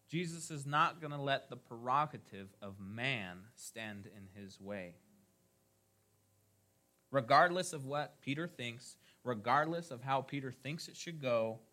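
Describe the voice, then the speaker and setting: A man delivers a sermon with a bright, forceful tone. He drives his phrases upward with emphasis, then lets the endings fall soft and low, steady in a mid-range pitch. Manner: emphatic preaching with rising, punchy phrases and soft trailing endings. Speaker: pastor.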